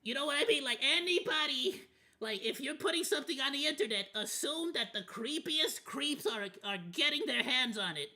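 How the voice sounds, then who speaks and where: A man's voice: very high-pitched, lively intonation, moderate pace, pushed and bright. A man streaming a watch party, rambling through casual commentary in a candid, loosely profane way. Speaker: VTuber streamer.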